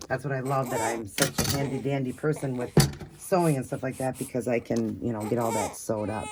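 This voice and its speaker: A woman's voice: extremely low pitch, very noisy. A woman vlogging as she cares for a baby doll, chatting in a soothing way and often repeating herself. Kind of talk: casual doll-care vlog. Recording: loud baby crying behind.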